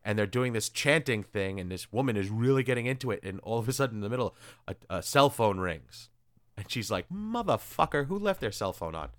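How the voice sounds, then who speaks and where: A man's voice: fairly low pitch, brisk, a bit bright, no room sound. Man, host, casual chat, sarcastic, crude asides, dry close sound. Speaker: podcast host reviewing comics.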